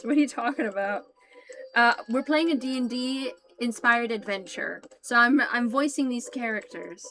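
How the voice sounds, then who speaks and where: A woman hosting a live stream, her voice a touch high. She chats with viewers, thanks them by name and reads their messages aloud between bits of narration. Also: moderate pace, a bit bright. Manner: chatty and apologetic, reading out chat messages. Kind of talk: live-stream chat and tabletop-style narration.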